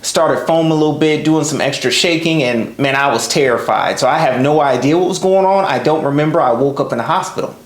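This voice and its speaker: A man retelling the words of an easygoing young coworker who never seems rattled. The voice sits a little high and the room rings around it. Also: brisk, few pauses, close to an everyday voice. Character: laid-back young male coworker, calm steady drinker. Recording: roomy echo.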